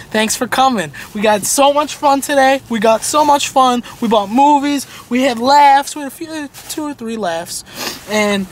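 A man's voice: very high voice, slight background noise. A young man in his early twenties hosting a casual shopping vlog, joking and rambling playfully while browsing a big store. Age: 20s. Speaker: vlog host.

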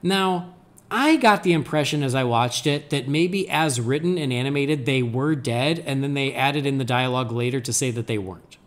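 A man co-hosting a podcast, talking in a loose, rambling way as he retells an episode's plot. His voice sits in a middle register, and his delivery is relaxed chat rather than scripted narration. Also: medium pitch, moderate pace. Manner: rambling, animated plot recap. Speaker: podcast co-host. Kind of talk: casual chat.

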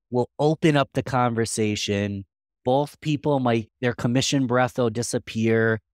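A man's voice: mid-range voice, measured pace, dry recording, studio quality. A man guest on a podcast interview, answering in an earnest, practical way and thinking aloud.

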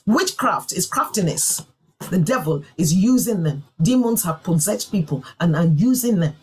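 A woman's voice: lowish voice, animated, normal speed, breathy edge, poor audio. A woman pastor preaching a sermon, driving her points home with emphatic repeated phrases.

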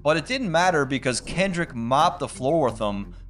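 A man narrates an explainer in a scripted but lively way, landing his points with emphatic asides. Faint background music sits behind his voice. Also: a little high, normal speed. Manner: animated storytelling with emphatic asides. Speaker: video narrator.

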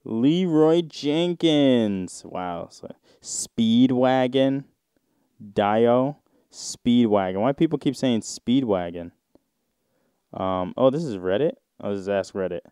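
A man hosting a casual solo podcast, reading search results aloud and riffing on them in a rambling, drawn-out way with sudden mocking outbursts. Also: on the low side, expressive, mellow, clear, resonant tone, dry recording, clean studio sound. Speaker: podcast host.

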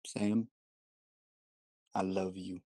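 A man's voice: sits low, flat delivery, drawn-out words, mellow, dry recording, low-quality recording. A man rambling in silly casual voice messages, with many restarts. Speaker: voice-message sender.

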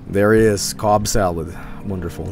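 A man's voice: fairly low pitch, steady tone, unhurried, vocal fry. A tired man streaming a game, rambling casually and reading game text aloud. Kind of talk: casual gameplay commentary. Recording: game music underneath.

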